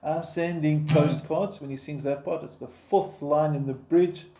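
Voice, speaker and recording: Informal male guitar teacher, dark and mellow tone, slightly high voice, counts beats aloud, roomy echo. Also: steady tone, unhurried, slight background noise. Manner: encouraging, informal. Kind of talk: step-by-step instruction. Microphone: camera framing the guitar.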